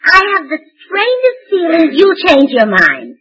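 Chirpy high-voiced 1940s radio comedienne. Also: female voice, wildly swooping pitch, a little slow, fairly bright tone, poor audio. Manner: chirpy, scatterbrained, giggly.

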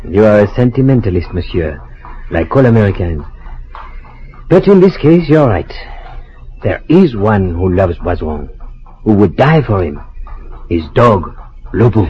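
An actor playing a cynical, suave Paris-educated doctor in an old-time radio drama, speaking in a smooth, dry way. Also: male voice, lowish voice, animated, measured pace, long pauses. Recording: dull lo-fi old radio recording with faint hiss.

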